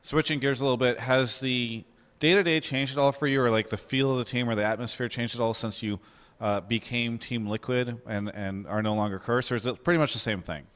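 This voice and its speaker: A man's voice: mid-range voice, steady tone, a little fast, fairly bright tone, smooth, in a large hall. A man interviewing a player after a match, asking articulate, conversational questions.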